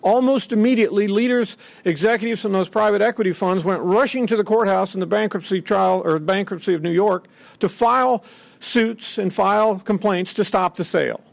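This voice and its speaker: A high voice with vocal fry, at a moderate pace, comes through a dry recording. It belongs to a middle-aged man at a podium giving an emphatic, indignant public speech, performing quotes dramatically.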